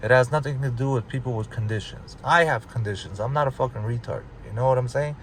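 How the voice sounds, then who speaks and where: A man's voice: mid-range voice, fast talker, a bit bright. Profane ranting man on a noisy street. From Los Angeles, United States. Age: 30s. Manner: profane, rambling, emphatic, repeats himself. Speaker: vlogger. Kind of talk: casual rant to camera.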